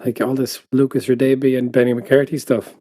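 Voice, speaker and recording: Dry-witted podcast co-host. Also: male voice, mid-range voice, little pitch movement, normal speed, dark tone, no room sound. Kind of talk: casual chat.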